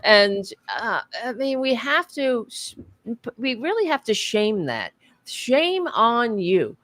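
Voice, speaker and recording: A woman's voice: fairly high pitch, sing-song, unhurried, a bit bright. A woman co-hosting a political talk podcast, speaking in an impassioned, profane, rambling way with many fillers. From United States. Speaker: podcast co-host.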